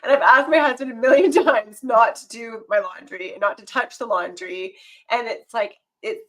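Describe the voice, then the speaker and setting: Talkative woman around forty, podcast guest, animated storyteller who laughs often. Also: a little high, normal speed, rough recording. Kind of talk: casual podcast conversation.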